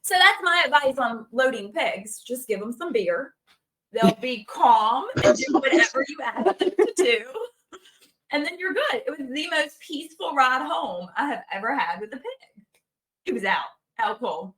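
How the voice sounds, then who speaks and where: Wry, upbeat woman with a higher voice. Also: big pitch swings, moderate pace, fairly bright tone. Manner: upbeat, laughing, wry storyteller. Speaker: homesteader guest. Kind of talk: casual storytelling.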